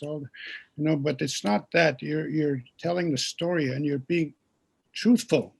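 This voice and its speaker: A man speaking as a guest speaker, telling stories in a gentle teaching way and having listeners repeat words after him. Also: fairly high pitch, fairly even intonation, normal speed, vocal fry, husky. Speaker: guest speaker and pipe keeper. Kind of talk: storytelling teaching talk.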